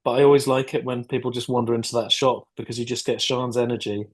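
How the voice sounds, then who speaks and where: A man talking as a guest on a podcast over a video call, thoughtful and hesitant, often restarting and clearing his throat. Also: medium pitch, steady tone, quick pace. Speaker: guest filmmaker and actor. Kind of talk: casual interview chat.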